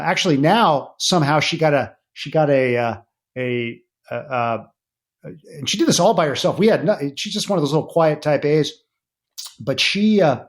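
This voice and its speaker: A middle-aged man, a podcast guest, telling family anecdotes in a casual interview, animated and full of fillers. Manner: animated anecdotes with many fillers, rising pitch when excited.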